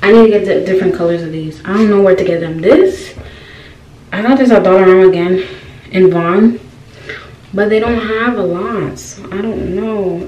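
A woman's voice: mid-range voice, dark tone, dull audio. Chatty young woman, roomy distant sound. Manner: chatty, keeps asking viewers "y'all" questions. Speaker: beauty vlogger. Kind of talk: casual hair tutorial. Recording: roomy, distant with faint noise.

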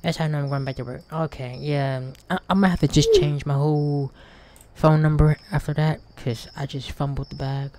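A man's voice: a little high, steady tone, fairly quick, a little mellow. A man hosting a gaming channel, giving casual, slangy let's play commentary.

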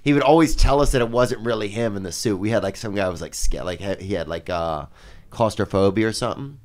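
A man's voice: on the low side, a little fast. A man in his thirties co-hosting a comedy podcast, drawling casual bro-talk. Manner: drawling, bro-talk, lively ups and downs. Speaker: podcast co-host.

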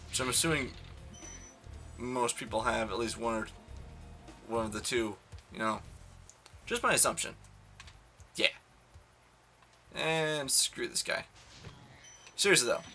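A young man talks through a video game in a bright, forward voice, rambling and poking fun at himself. His commentary is casual and profane, with quiet game music underneath. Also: medium pitch. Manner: rambling, self-mocking, profane. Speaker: let's play commentator.

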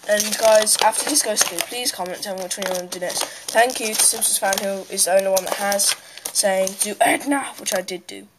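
A woman's voice: medium pitch, brisk, hardly any pauses. Rambling woman unboxing a toy on camera. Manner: rambling, chatty, talks while handling things. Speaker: toy collector vlogger. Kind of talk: casual unboxing commentary. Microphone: handheld camera's built-in mic. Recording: loud noise, crinkling packaging.

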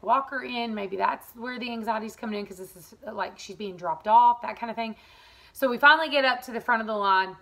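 A woman vlogging casually about her family, chatting in an animated way with quick asides, recorded in a car. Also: mid-range voice, dry recording. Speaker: vlogger, mother. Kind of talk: casual family vlog chat.

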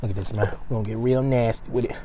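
A man's voice: mid-range voice, steady tone, fast talker, noisy background. A man, talking casually and in slang on an eating vlog, chatting to viewers between bites. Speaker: mukbang vlogger.

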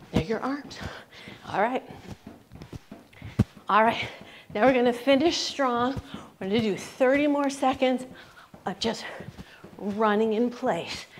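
A woman's voice: a little high, slight background noise. Upbeat woman coaching a rebounding workout. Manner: upbeat, encouraging cues while exercising; counts down reps aloud. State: bouncing on a rebounder while talking. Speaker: fitness instructor.

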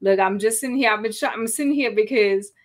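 A woman's voice: a little high, fast. A woman hosting a talk show, speaking with emotion and holding back tears, with many "you know" fillers. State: near tears. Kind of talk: heartfelt conversational interview.

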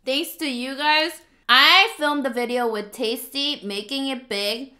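A woman's voice: sits high, unhurried, pushed and bright. A woman hosting a casual eating vlog, chatty and playful, with eating sounds close on the mic. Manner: chatty, playful, cutesy meowing. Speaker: mukbang host. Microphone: close mic picking up eating sounds.

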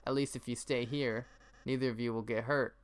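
A man reading the lines of a goofy young villain prince, halting and stammering. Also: mid-range voice, steady tone, clean tone, close to an everyday voice. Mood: worried.

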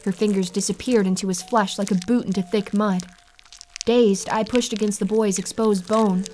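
A woman's voice: medium pitch, fairly even intonation, moderate pace, dark tone. Woman reading a horror story over music. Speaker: narrator. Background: faint music.

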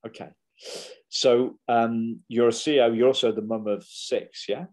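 A man's voice: medium pitch, steady tone, normal speed, darkish tone. A man hosting a podcast interview, speaking with frequent restarts and fillers. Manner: hesitant, many restarts. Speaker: podcast host.

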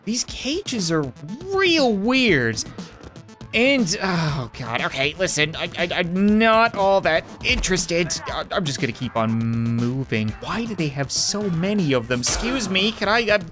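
Lively wisecracking man narrating gameplay. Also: high-pitched, a little slow, faint music behind. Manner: wisecracking, sarcastic, talks to game characters. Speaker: let's-play host. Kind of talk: joking game commentary.

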